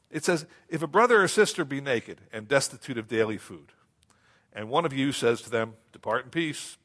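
Male pastor, conversational sermon delivery with rhetorical questions and a slower pace for scripture readings. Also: mid-range voice, fairly bright tone. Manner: conversational preaching with rhetorical questions and repeated phrases.

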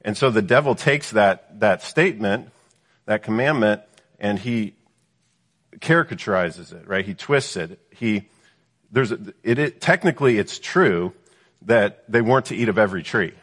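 Low husky preacher in a reverberant hall. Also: male voice, expressive, moderate pace, fairly bright tone. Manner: reads scripture then explains it, with frequent rhetorical "right?" questions. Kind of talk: Bible teaching sermon.

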